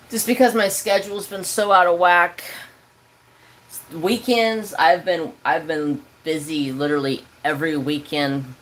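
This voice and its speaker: A man's voice: a little high, a bit bright, slight background noise, low-quality recording. A man hosting a casual crafting livestream from his home craft room, rambling loosely and swearing now and then.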